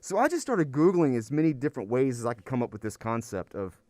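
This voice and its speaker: A man's voice: medium pitch, sing-song, fast talker, darkish tone, dry recording. A man, an anthropology professor, talking in a casual podcast interview, rambling and worn out, often restarting his sentences. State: weary.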